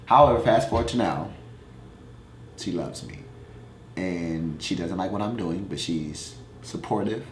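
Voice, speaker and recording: Young man, very deep voice, candid and profane storytelling, casual vlog, echoey room, faint background noise. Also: animated, unhurried, pauses often. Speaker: musician answering fan questions.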